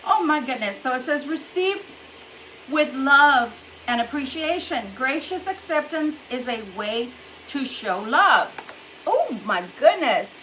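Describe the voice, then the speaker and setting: High-voiced chatty woman reading tarot. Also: expressive, slow pace, pushed and bright, a little hiss or hum, rough recording. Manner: chatty, laughs often, acts out quoted reactions. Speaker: tarot reader. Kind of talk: casual tarot reading to camera. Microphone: camera a little distant.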